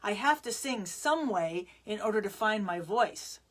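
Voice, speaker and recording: A woman's voice: mid-range voice, animated, unhurried, a bit bright. A woman musician chatting to the camera, telling a story with lots of fillers and restarts.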